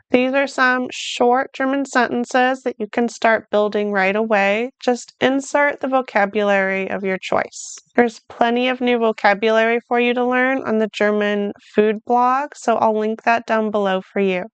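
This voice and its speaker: A woman teaching a beginner language lesson, modeling short phrases slowly and then explaining them in plain words. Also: a little high, fairly even intonation, clean tone, no room sound. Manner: speaks slowly and carefully, models German phrases then translates. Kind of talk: slow, clear beginner lesson.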